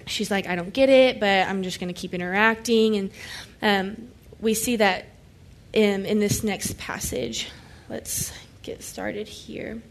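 A woman teaching a Bible passage, reading verses aloud and explaining them in a conversational way, sometimes acting out the people in lively everyday voices. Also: mid-range voice.

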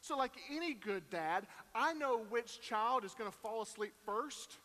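A man's voice: very high voice, animated, a little slow, bright, forceful tone. A man in his thirties preaching in a large hall, telling folksy, self-deprecating family stories with many fillers. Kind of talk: storytelling sermon. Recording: echoey hall.

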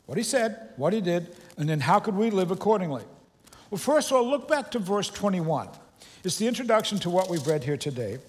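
Man preaching, conversational and joking, slightly high voice, church hall reverb. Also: breathy edge. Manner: conversational and joking, with loose restarts. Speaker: pastor. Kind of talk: sermon. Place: church sanctuary.

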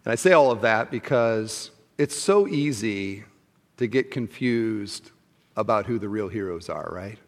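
A man preaching a sermon as pastor, telling a story with lively acted-out exchanges before an earnest appeal to fathers. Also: on the low side, measured pace, in a large hall. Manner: animated storyteller who acts out the people in the story. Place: large church auditorium.

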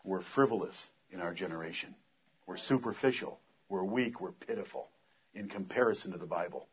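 A man's voice: low-pitched, brisk, dull audio. A man preaching a sermon, earnest, reading scripture aloud and pressing the point with force.

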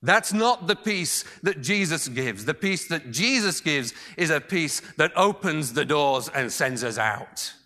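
Slow, bright-voiced man preaching a sermon. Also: on the high side, expressive. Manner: slow, swinging between raised emphasis and hushed near-whispers.

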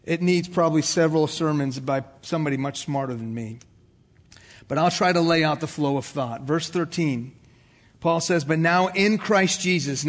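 In a sermon echoing with long reverb like a big church hall, a pastor with a strikingly high, slightly bright voice addresses his congregation. He acts out small voices while recounting an ordinary story.

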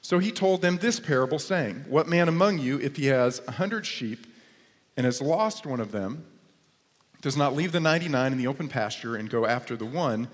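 A middle-aged man preaches to his congregation in a slightly high voice, mixing humorous stories with lively exclamations. His sermon rings through a church sanctuary with a long, hall-like reverb. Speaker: pastor.

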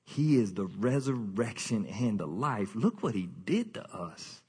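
Male pastor, husky voice, lively jokey sermon delivery, long hall reverb. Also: unhurried. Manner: animated, jokey preaching with sudden high-pitched bursts.

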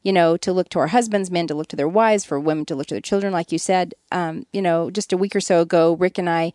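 A woman's voice: lowish voice, quick pace, darkish tone, no echo, clean studio sound. A woman guest on a radio interview, telling a candid, earnest story about her own life and poking fun at herself. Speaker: guest, author.

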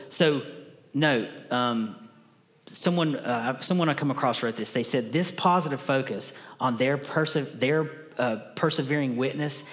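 A male preacher delivers a sermon in an easygoing, conversational way, repeating his main points so they sink in. His voice sits at an ordinary middle pitch. It carries a long reverb from a church sanctuary. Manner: conversational, repeats key lines for emphasis.

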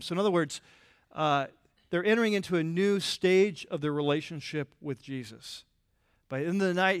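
A man preaching a sermon in a church with a higher-than-usual voice. He talks conversationally, stumbling over restarts and filler words. The sound is close and dry. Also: dry recording. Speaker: pastor.

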